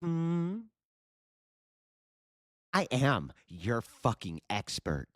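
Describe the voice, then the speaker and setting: A man mimicking a smug, condescending woman debater in high, drawn-out, mocking questions. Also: very animated, fairly bright tone, no echo, clean studio sound, heavily acted.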